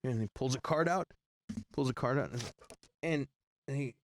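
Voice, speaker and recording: A man in his forties telling rambling road stories in casual chat, acting out other people's lines in high voices. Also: normal speed, a little hiss or hum. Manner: rambling, animated, acts out quoted voices high.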